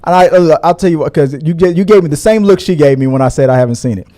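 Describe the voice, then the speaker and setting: A man's voice: on the high side, fast talker, warm tone. A man co-hosting a casual movie podcast, joking and laughing often as he talks. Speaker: podcast co-host. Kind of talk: casual chat.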